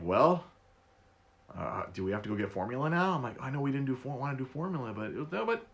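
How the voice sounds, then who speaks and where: A man in his thirties hosting a casual solo podcast, laughing often, stammering and repeating words, and jumping his voice high for quoted bits. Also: fairly bright tone. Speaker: podcast host.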